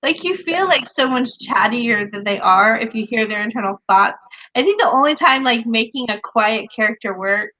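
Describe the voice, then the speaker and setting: A woman's voice: a little high, lively intonation, moderate pace, pushed and bright, dull audio. A woman co-hosting a casual chat about writing, talking in a chatty way with many fillers and restarts. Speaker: podcast co-host, author.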